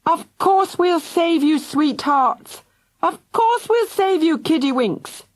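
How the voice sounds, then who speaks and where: A woman's voice: extremely high pitch, expressive, slow, dry recording, voice pushed up, exaggerated voice. A woman voicing a doting mother calling reassurance to her children in a storybook. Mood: soothing.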